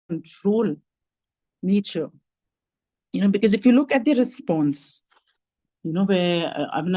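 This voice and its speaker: A woman's voice: mid-range voice, mellow, rough recording. Chatty woman preaching over a video call. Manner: chatty, thinking aloud with many "like" and "you know"; asks the listeners reflective questions. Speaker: lay preacher giving the message. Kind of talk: conversational sermon.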